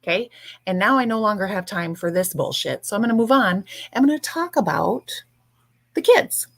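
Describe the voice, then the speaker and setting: A woman's voice: medium pitch, expressive, a little fast, gravelly, a bit bright. A woman hosting a livestream, ranting bluntly and sarcastically with frequent swearing. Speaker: livestream host.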